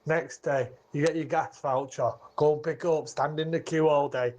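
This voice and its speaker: A man's voice: on the high side, fairly even intonation, normal speed, darkish tone. A man from Manchester calling a radio phone-in, forthright, speaking in clipped sentences. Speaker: caller. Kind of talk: phone-in call. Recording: dull lo-fi phone line.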